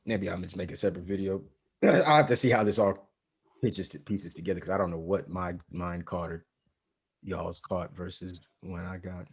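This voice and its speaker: A man's voice: deep voice, steady tone, normal speed, creaky, slightly rough. A man co-hosting a podcast, running the segments and joking bluntly in slang. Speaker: podcast co-host. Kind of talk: casual chat.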